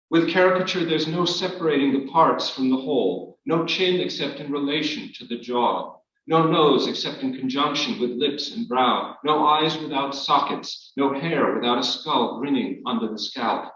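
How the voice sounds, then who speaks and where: A man reading his memoir aloud to an audience, in a measured, wry storytelling manner. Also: medium pitch, fairly bright tone. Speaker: author reading his work. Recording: echoey hall, distant, dull.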